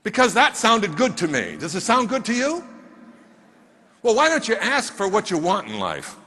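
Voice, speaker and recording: A man speaks from a stage in a large hall, his bright, high voice swooping with lively pitch as he pushes motivational points. He leans on rhetorical questions to the crowd, and long reverb trails every phrase. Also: moderate pace, breathy edge.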